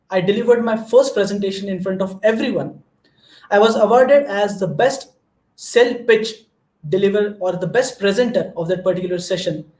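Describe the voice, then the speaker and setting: A man's voice: high voice, a little mellow, roomy sound. A man from Maharashtra with an Indian accent, a native Marathi speaker, giving an earnest motivational talk to students and telling small stories. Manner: earnest, storytelling, frequent restarts. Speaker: guest speaker.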